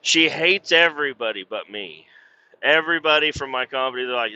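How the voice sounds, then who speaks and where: A man's voice: mid-range voice, lively intonation, brisk, bright, forceful tone, lo-fi sound. Profane, rambling truck-driving man. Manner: profane, rambling storyteller with mimicked voices. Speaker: truck driver vlogger. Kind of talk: casual rambling vlog while driving. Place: inside a truck cab.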